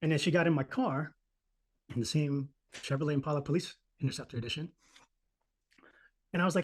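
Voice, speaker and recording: Speaking a little high and fairly quickly, with frequent pauses, a thirties-aged man recounts a personal story on a casual podcast. He's animated and profane, performing the voices of the people in the tale.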